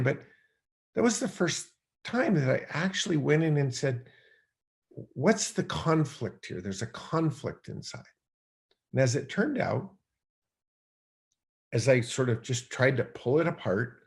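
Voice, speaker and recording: A man with a mid-range, vocal-fry voice tells a personal story as a guest on a podcast. His conversational storytelling is loose and rambling, packed with fillers, and he voices his own past thoughts out loud.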